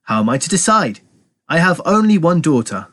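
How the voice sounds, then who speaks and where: A man reading aloud and voicing a hearty, loud middle-aged village father with a booming, theatrical manner. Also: big pitch swings, normal speed. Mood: jovial.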